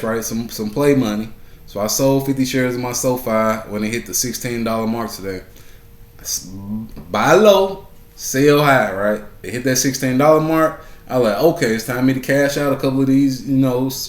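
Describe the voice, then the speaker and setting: A man talking through his trading day in an easygoing way. His voice sits at an ordinary pitch, and he keeps checking in with "right?" and says key points twice. The room around him is noticeably echoey. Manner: conversational, keeps asking "right?", repeats phrases for emphasis. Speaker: stock market vlogger. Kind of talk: casual market recap.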